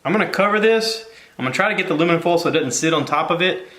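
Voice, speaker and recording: A man's voice: fairly high pitch, animated, rapid-fire, a bit bright, roomy sound. A man hosting a casual cooking video from his home kitchen, rambling and joking at his own expense. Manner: rambling, jokey, self-deprecating.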